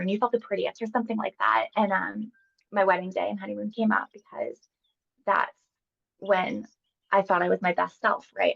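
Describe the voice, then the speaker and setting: A woman's voice: mid-range voice, vocal fry, breathy edge, lo-fi sound. A woman in her thirties, a hypnosis client, telling her experience in a candid, emotional, rambling way with many fillers. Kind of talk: candid conversational interview.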